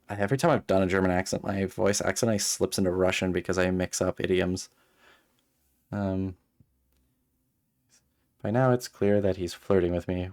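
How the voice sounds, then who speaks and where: A man streaming a visual novel, reading its narration aloud between animated, exasperated asides. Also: low voice, vocal fry.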